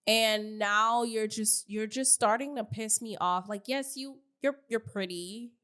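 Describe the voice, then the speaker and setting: A woman's voice: a little high, steady tone, unhurried, fairly bright tone, clean tone. Blunt, exasperated woman podcaster. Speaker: podcast co-host. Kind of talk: casual gossip podcast chat.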